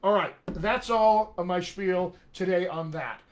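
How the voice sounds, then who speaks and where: A middle-aged man, a dialect coach, giving an energetic, jokey live-streamed lesson, often checking in with "all right?". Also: high-pitched, unhurried. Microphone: webcam or computer mic on a live video stream.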